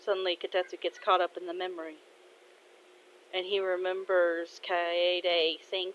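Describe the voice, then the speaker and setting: A woman's voice: lowish voice, flat delivery, a little slow, dull audio, slight background noise. A woman casually telling a story she made up, in a chatty, informal way. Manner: chatty, informal, laughs at herself.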